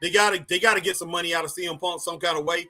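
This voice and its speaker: Man, high bright voice, rambling live stream talk to chat. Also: steady tone, very fast. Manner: chatty, repeats phrases, talks to chat viewers. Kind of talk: casual live wrestling chat.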